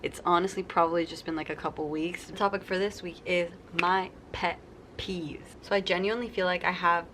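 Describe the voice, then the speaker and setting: A woman's voice: on the low side, fairly bright tone, slight background noise. A young adult woman vlogging casually to camera, telling stories and acting out the people in them. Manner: chatty storytelling, acts out quoted people. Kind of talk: casual sit-down vlog.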